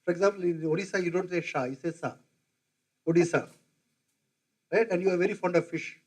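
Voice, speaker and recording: An older man, a professor, delivers a conversational classroom lecture, quizzing his audience and mimicking regional accents. He speaks very fast in a high, steady voice, captured on a low-quality recording.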